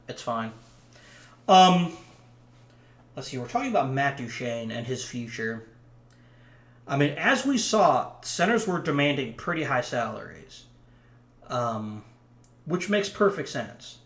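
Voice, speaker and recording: A man's voice: mid-range voice, very animated, measured pace, pauses often, a bit bright, roomy sound. A man casually commenting on a hockey management game he is playing, rambling with frequent ums. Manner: chatty, rambling, lots of ums. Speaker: let's play commentator.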